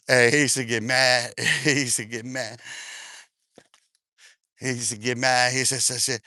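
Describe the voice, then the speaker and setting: A man's voice: mid-range voice, fairly even intonation, takes it slowly, long pauses, bright, forceful tone, no room sound. A man ranting casually on a livestream, taunting and bragging, swearing constantly and laughing often between lines.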